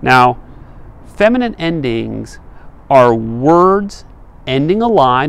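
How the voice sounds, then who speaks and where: Slow, gravelly-voiced male lecturer. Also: mid-range voice, very animated. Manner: slow, deliberate, sounds out single syllables. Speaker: literature teacher. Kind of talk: slow scripted lecture on poetic meter.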